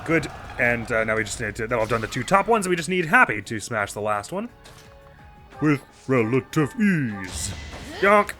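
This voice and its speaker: A man talks through his strategy game turn by turn, chatty and self-mocking as he works things out aloud. His voice is bright and forceful, with faint game music playing underneath. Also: mid-range voice, big pitch swings, normal speed. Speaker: let's play host. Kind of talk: casual gameplay commentary.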